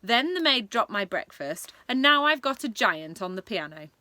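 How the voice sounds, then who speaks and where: A woman voicing a regal, brisk queen who gives crisp orders in a storybook reading. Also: fairly high pitch, very animated, pushed and bright, no echo. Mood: commanding. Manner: crisp, imperious.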